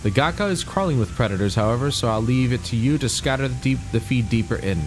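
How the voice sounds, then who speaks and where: A man's voice: medium pitch, lively intonation, quick pace, over music, close to an everyday voice, rough recording. A man voicing a male wildlife expert from a video game, reading the lines aloud with a slight put-on accent. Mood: matter-of-fact.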